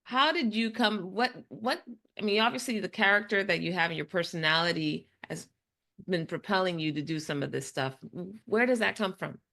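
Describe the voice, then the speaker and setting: Woman host, affirming interviewer, lower register, relaxed conversational delivery. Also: normal speed, vocal fry. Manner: affirming, frequent soft acknowledgments. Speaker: podcast host.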